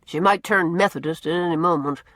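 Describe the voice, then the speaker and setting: A woman voicing a brisk, outspoken older village woman with blunt, gossipy opinions. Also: on the low side, fairly bright tone, dry recording, lightly acted.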